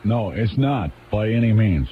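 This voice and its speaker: A man's voice: on the low side, lively intonation, a little slow. A man hosting a casual call-in radio talk show, easygoing and wry, laughing often. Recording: dull lo-fi 1990s radio aircheck with faint hiss.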